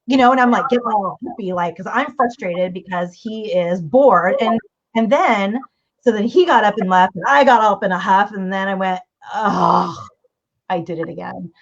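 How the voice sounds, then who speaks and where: A middle-aged woman in an interview, coaching on family communication. She talks at a middle pitch and acts out little dialogues, often restarting her sentences. The audio is dull and lo-fi, as over a video call. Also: moderate pace. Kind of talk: conversational interview.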